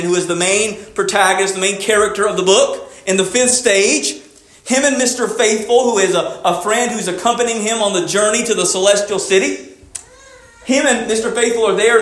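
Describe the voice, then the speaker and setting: This pastor's sermon comes in a high, clear, slightly bright voice. Reflective questions are delivered low and slow, after which he builds into emphatic repetition for his congregation. Echo fills the room around him.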